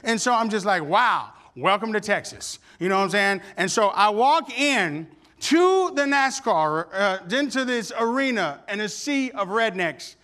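A man preaching with a very high, bright and forceful voice. He tells a comic story and then presses his point with rising, animated shouts. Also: moderate pace, few pauses. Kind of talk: sermon with humorous storytelling.

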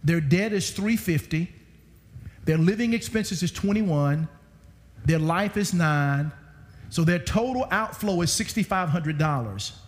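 A man preaching a sermon to a congregation with animated swings in pitch, recorded through a church sound system. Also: a little slow. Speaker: guest preacher. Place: church sanctuary. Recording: reverberant church hall.

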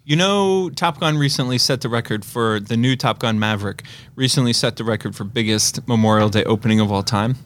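A man's voice: medium pitch, no room sound. A man co-hosting a podcast in casual chat, joking and laughing often. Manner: chatty and joking, quick to laugh. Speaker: podcast co-host.

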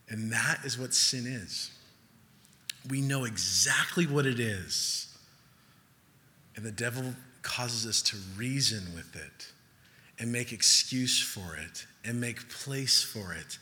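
Male pastor, sermon, urgent and emphatic, very bright tone, long hall reverb. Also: mid-range voice, slow pace. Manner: emphatic, rising to urgent peaks, then hushed storytelling.

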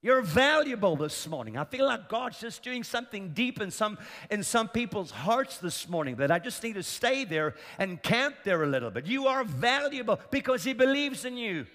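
A man's voice: high voice, very animated, normal speed, hardly any pauses, fairly bright tone. A man preaching a sermon, emphatic and repetitive, calling for responses from the congregation. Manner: emphatic, repeats lines for effect, calls for audience responses. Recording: long reverb of a large hall.

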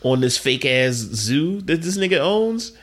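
A man's voice: fairly high pitch, big pitch swings, unhurried, fairly bright tone. A man hosting a podcast in casual chat, a laid-back, profane storyteller who laughs often. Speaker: podcast host.

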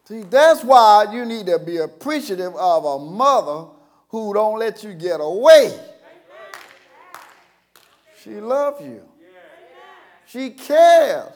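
A man preaching a sermon as pastor, folksy and storytelling, breaking into sudden shouts and chuckles. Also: sits high, very animated, slow, pauses often.

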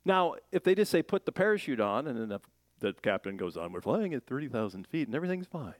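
A man preaching a sermon in a lively, joking way, slipping into playful voices as he makes his points. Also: medium pitch, quick pace, dry recording. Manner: animated, jokey preaching with playful voices and laughs. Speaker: pastor.

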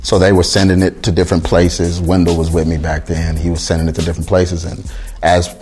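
A man's voice: low voice, fairly quick. A middle-aged man, a music producer, telling his story in conversation and acting out the voices of the people he quotes. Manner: lively retelling that acts out quoted dialogue.

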